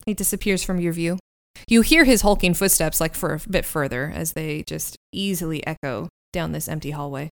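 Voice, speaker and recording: Woman game master, lowish voice, smooth and resonant, descriptive narration, faint music behind. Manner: descriptive, unhurried, with halting restarts.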